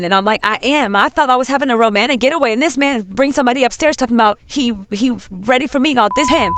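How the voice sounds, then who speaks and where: Fast-talking young woman telling a story. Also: fairly high pitch, no room sound. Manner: animated, quoting others in dialogue. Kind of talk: casual storytime narration.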